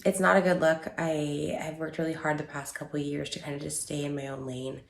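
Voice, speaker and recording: Low gravelly woman in an echoey room. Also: flat delivery, a little hiss or hum. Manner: halting, many fillers and restarts. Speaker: online creator giving a statement. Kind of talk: emotional personal statement video.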